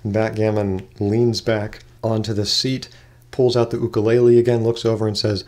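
A man's voice: lowish voice, level tone, moderate pace, a little mellow. A man narrating a role-play game casually as game master, in a loose, hesitant way. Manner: loose, hesitant, full of "kinda like".

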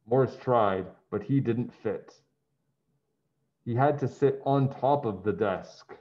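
Man storybook reader, unhurried, muffled recording. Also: mid-range voice. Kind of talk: children's story read-aloud. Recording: dull lo-fi sound.

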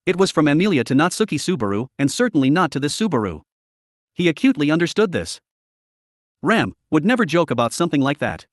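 A man reads a novel aloud as an audiobook with an expressive storytelling delivery. His voice sits a little high for a man and moves animatedly across its range. The recording is dry and close, with no room sound. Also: fast talker, no echo. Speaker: audiobook narrator.

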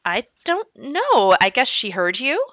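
A woman voicing a hopeful, sly young boy in a children's book read aloud, speaking high and innocent. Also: wildly swooping pitch, measured pace, fairly bright tone, no echo, dull audio, full character voice.

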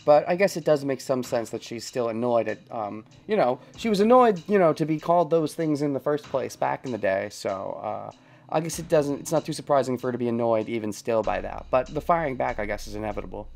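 Brief: male game streamer at mid pitch, relaxed play-along commentary with lots of little laughs. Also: fairly quick, vocal fry. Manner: thinks aloud, chuckles often. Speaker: let's play host.

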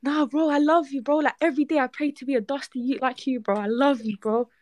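A woman's voice: sits high, steady tone, fast, a little mellow. An eighteen-year-old woman from Iraq calling into a livestream, gushing and copying street slang. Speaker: caller. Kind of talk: call-in on a livestream.

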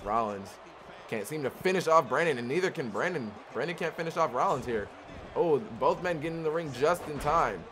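A young man commentating his own wrestling video game play by play, excitable and trash-talking the characters on screen. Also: fairly high pitch, brisk, background noise. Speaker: gaming channel host.

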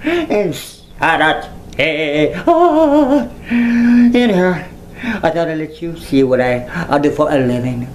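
A man's voice: a little high, lively intonation, unhurried, slight background noise, rough recording. A man chatting casually to viewers on a livestream, playful and giggly, often slipping into mocking sing-song voices. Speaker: YouTuber.

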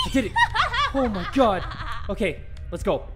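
Excitable high-voiced man yelling at a horror game. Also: normal speed, pauses often, a loud crowd. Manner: excitable, swings from hushed muttering to loud screams. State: strained voice from screaming. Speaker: gaming video host. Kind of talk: horror game playthrough commentary. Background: creepy game music.

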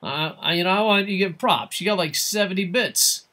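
Man, game streamer, high bright voice, excitable, swears a lot, self-mocking rambling. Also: a little fast. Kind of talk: casual live-stream chat while gaming.

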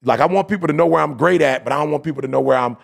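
A man's voice: a little high, rapid-fire, gravelly. A man, hosting a podcast and telling a personal story in casual, slangy talk. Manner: storytelling, animated, slangy, quotes others. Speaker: podcast host.

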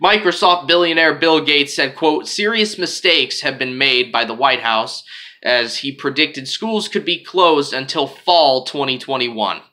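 A man reading news articles aloud and breaking off into lower, quieter asides with his own opinions, with frequent fillers. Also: a little slow. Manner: reads headlines with rising emphasis, drops to low asides for opinions. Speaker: news commentary host.

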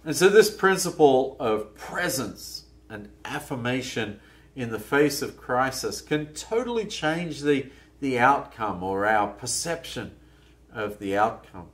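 A man's voice: mid-range voice, lively intonation, measured pace. A man preaching a sermon in a conversational, musing way, often restarting his phrases. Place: church.

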